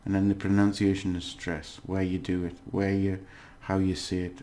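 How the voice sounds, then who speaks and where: Low-voiced man teaching a casual lesson. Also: fairly even intonation, dark tone. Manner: patient, often checking in with "okay?" and pausing with "uh". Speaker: language teacher. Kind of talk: casual recorded lesson recap.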